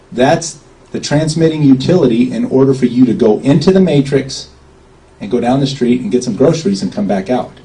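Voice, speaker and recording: At a gathering, a man with a warm, mid-range voice gives a casual talk to people standing around, frequently checking with an "okay?". It's captured on a distant microphone with faint noise behind him.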